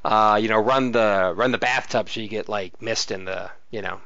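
A man's voice: fairly low pitch, steady tone, moderate pace, bright, forceful tone, no echo, lo-fi sound. A man co-hosting a podcast, chatting casually and then reading a comic book synopsis. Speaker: podcast co-host. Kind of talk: casual chat and read synopsis.

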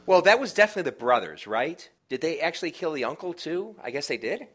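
A man in casual podcast chat about a comic, animated and quick to agree. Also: on the high side. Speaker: podcast co-host.

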